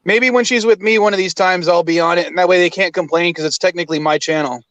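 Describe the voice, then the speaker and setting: A man's voice: sits high, fairly even intonation, fast talker, a bit bright, no echo, poor audio. A man in casual chat telling anecdotes in a dry way.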